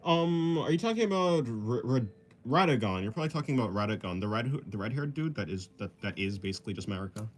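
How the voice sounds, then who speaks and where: A man's voice: medium pitch, animated, fast talker, slight background noise. A young man streaming his drawing, casually chatting and reading viewer comments, rambling and joking at himself with frequent laughs. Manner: rambling, self-deprecating, laughs often. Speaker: artist streaming while drawing. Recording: faint music in the background.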